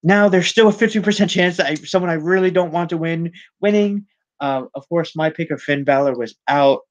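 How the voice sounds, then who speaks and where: A man's voice: a little high, fairly quick, no echo, dull audio. A man hosting a wrestling news show, recapping matches in a rambling casual way with many ums and self-corrections.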